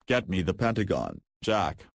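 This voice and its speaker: Male reader as CIA boss, low and dry, flat delivery. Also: measured pace, vocal fry, no echo, exaggerated voice. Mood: defiant. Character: hot-headed male CIA chief, a father.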